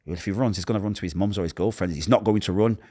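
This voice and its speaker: Fast-talking low-voiced Manchester man. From Manchester, England. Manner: acts out quoted voices, drops to a hush at painful moments. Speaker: interviewee. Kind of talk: emotional personal storytelling.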